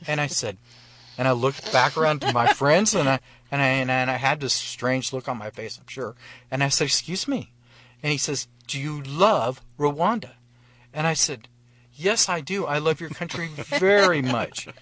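A man's voice: mid-range voice, moderate pace, dry recording. Chuckling man telling a travel story. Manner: animated storytelling, acts out quoted officers, chuckles often. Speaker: guest storyteller. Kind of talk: storytelling on live radio. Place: radio studio.

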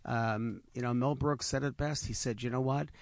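A man with a gravelly edge to his voice tells stories on a radio show, close and dry on the mic. He moves through his anecdotes in a chatty way and acts out the lines of the people in them. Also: mid-range voice, normal speed, no room sound. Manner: animated anecdotes with voiced quotes. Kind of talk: casual storytelling on radio.

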